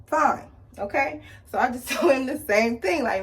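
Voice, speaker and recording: Chatty woman vlogger telling a story over her makeup, animated, acting out every voice in it, higher-pitched and a little off-mic. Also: moderate pace, distant mic. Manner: animated, acts out quoted people with big pitch jumps. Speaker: beauty vlogger. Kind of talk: casual storytelling while doing makeup.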